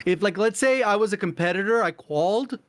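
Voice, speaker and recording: A man with a notably high voice talking on a gaming podcast. He builds long explanations around examples, in an easy chatty way. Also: fairly quick, fairly bright tone. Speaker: podcast co-host. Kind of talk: casual gaming podcast chat.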